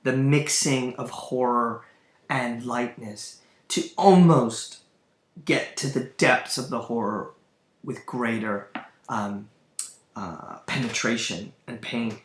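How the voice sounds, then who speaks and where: A male literature lecturer who talks slowly and thoughtfully, pausing to search for words and circling back on himself. His voice sits at an ordinary pitch and carries a noticeable roomy echo. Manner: thoughtful, searching, with fillers and restarts. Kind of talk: recorded lecture.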